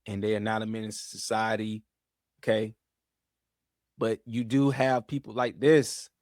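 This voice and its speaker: A man hosting a commentary show, talking in a slangy, animated way, swinging between low mutters and loud outbursts and repeating himself. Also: moderate pace, no echo, clean studio sound. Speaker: host. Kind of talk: casual commentary.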